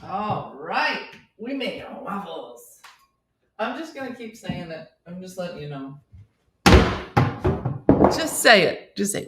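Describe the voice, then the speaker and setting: A woman's voice: on the low side, noisy background. A middle-aged woman hosting a casual morning show, joking with viewers while she cooks. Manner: animated, jokey, talks to viewers while cooking. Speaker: host.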